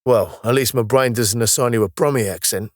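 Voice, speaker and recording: A man's voice: medium pitch, brisk, no echo, clean studio sound, lightly acted. A man voicing a frail older British man, newly woken, who jokes in a plain down-to-earth way. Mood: chatty. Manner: joking, down-to-earth, breathless.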